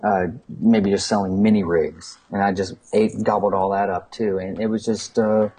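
Man, husky voice, low register, rambling chatty guest. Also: steady tone, moderate pace, warm tone, low-quality recording. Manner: rambling, laughing, many fillers. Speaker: guest, toy collector. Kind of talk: casual anecdotal storytelling.

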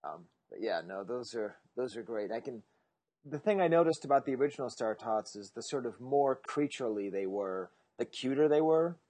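A man's voice: medium pitch, lively intonation, moderate pace, darkish tone, husky. A man co-hosting a casual podcast roundtable, joking and stumbling over his words. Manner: joking, hesitant, repeats words.

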